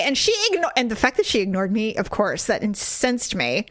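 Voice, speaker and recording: A woman co-hosting a podcast, telling a story in a casual, animated and indignant way. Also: high-pitched, fairly quick, no echo. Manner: animated, indignant venting with vivid retelling. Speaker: podcast co-host.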